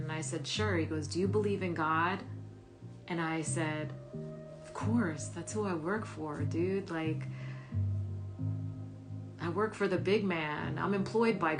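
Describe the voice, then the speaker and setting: A woman with a fairly low voice tells a personal story, blunt and profane, breaking into laughter as she goes. Music plays clearly under her voice. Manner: candid, profane, laughs while telling.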